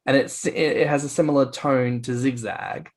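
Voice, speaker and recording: Animated, playful man chatting on a podcast. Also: medium pitch, normal speed. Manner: animated, playful storyteller with bursts of mock voices. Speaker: podcast co-host. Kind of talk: casual chat.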